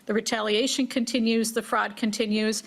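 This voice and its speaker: Earnest woman testifying, slightly high voice. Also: level tone, moderate pace. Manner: earnest, plain-spoken. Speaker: state employee testifying. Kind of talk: formal public testimony.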